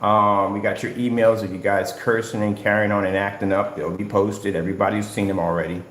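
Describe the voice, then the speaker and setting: A man's voice: lowish voice, little pitch movement, fairly quick, a bit bright. A man on a livestream, confrontationally lecturing rivals in a repetitive ranting style. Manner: confrontational, lecturing, repeats "at the end of the day". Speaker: business owner ranting at rivals. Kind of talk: livestream rant. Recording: roomy echo.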